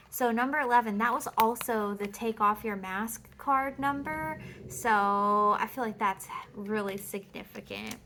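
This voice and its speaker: A woman's voice: medium pitch, fairly bright tone, slight background noise. A woman giving a casual tarot reading at home, blunt and emphatic, swearing freely as she reads out card texts. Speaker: tarot reader.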